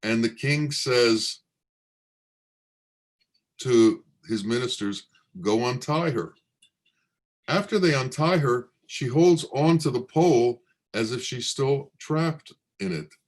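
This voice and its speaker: A man and spiritual teacher telling a teaching parable in a slow, deliberate way. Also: mid-range voice, expressive.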